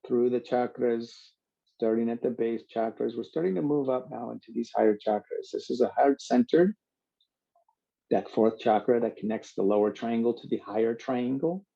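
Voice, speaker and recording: A man leading a yoga workshop, giving calm, slow guided instructions with drawn-out cues. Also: medium pitch, gravelly, dull audio.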